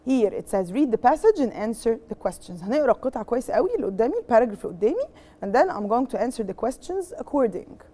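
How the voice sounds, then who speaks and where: A woman's voice: a little high, sing-song, racing, mellow. A woman with an Egyptian accent teaching an English revision lesson, explaining each point in English and then in Arabic and quizzing her pupils as she goes. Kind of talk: bilingual exam revision lesson.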